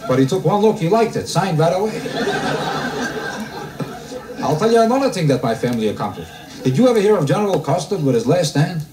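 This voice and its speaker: Kvetching stand-up comedian, roomy live recording. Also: male voice, fairly high pitch, brisk, pauses often. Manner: deadpan kvetching delivery, rhetorical questions to the crowd. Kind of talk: stand-up routine before a live audience. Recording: roomy live club recording, mic heard from a distance. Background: audience laughter.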